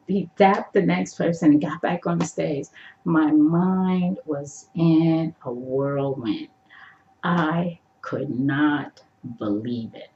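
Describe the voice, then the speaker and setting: A middle-aged woman vlogger telling a personal story in an animated way, acting out her own thoughts and swinging from hushed asides to high exclamations. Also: a little hiss or hum. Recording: echoey room, dull lo-fi sound.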